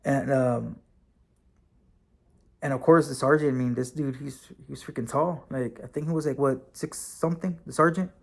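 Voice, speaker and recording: A man of ordinary pitch talking straight to his viewers in a loose, conversational way. He keeps the story rolling with "you know" and "like", drops in the occasional curse, and sounds relaxed. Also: moderate pace, vocal fry. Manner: relaxed and conversational, with frequent fillers and occasional swearing. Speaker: vlogger and former correctional officer, now bus driver. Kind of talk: casual storytelling to camera.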